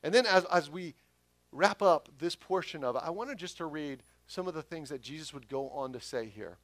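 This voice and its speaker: A pastor giving a conversational sermon that swells loud for emphasis. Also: male voice, fairly high pitch, expressive, normal speed, dry recording.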